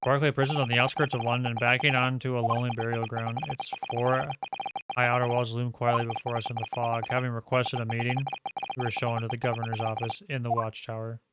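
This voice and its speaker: A man's voice: medium pitch, level tone, a little fast, heavy background noise. A man playing through a video game, reading its dialogue and narration aloud in a dry, matter-of-fact way. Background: loud game music.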